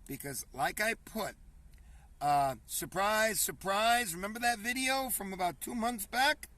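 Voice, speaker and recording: A man with a very animated, high voice talks at a moderate pace, sounding bright and forceful from a distant mic. He's hosting a casual commentary show, reading news headlines and riffing on them conversationally while often calling his viewers folks.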